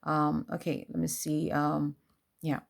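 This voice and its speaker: A woman's voice: deep voice, completely flat delivery, a little slow, vocal fry. A woman host and life coach, recounting a news story in casual commentary and translating a clip as it plays. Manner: recounting and translating a clip line by line, acting out quoted speech.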